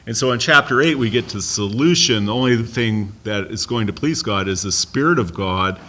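A man's voice: on the low side, animated, fairly quick, sharp tone. An American man leading a Bible study class in a conversational way, asking the group questions and making light asides. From United States.

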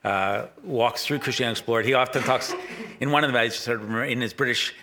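A middle-aged Canadian pastor preaches in a loose, rambling, conversational style, often restarting and correcting his sentences. His medium-pitched voice is brisk, and there is background noise.

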